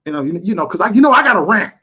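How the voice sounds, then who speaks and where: A man's voice: high-pitched, big pitch swings, racing, sharp tone, husky. A man ranting to his livestream chat, impassioned and repeating himself for emphasis. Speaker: YouTube livestreamer.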